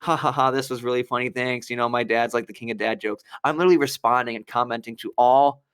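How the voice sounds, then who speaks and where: He's a fast-talking young man from Wisconsin, co-hosting a podcast and relaying a story animatedly while acting out quotes in casual chat. His medium-pitched voice has a clean tone, captured at studio quality without room sound.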